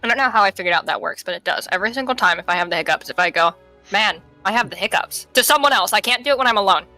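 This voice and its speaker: A woman's voice: medium pitch, expressive, racing, pushed and bright, no echo, faint music behind. A woman playing in a tabletop game, chatty and giggly, rambling in casual talk. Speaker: player.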